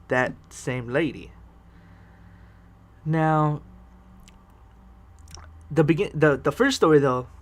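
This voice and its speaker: A man rambles through a personal story in casual vlog fashion, cursing freely and cutting himself off to restart. He chuckles often as he goes, and his voice sits a little higher than most men's. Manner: rambling, profane, laughs often. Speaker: vlogger telling personal stories.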